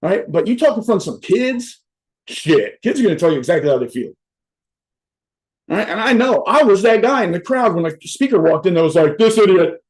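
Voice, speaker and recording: High-voiced joking man on a video call. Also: sing-song, fairly quick, poor audio. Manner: profane, joking, rambling with frequent "right?". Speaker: motivational speaker. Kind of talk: casual motivational talk. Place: on a virtual event via video call.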